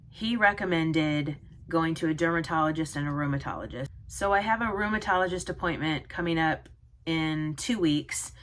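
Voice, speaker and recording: A woman in her forties vlogging to camera, talking in an earnest, halting way with many pauses. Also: lowish voice, fairly bright tone. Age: 40s. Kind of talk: personal vlog talk to camera.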